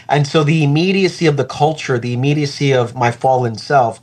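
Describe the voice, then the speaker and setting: A man's voice: medium pitch, a little mellow. Reflective, earnest middle-aged man pastor. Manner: reflective, earnest, slows down to stress points. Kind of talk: faith interview conversation.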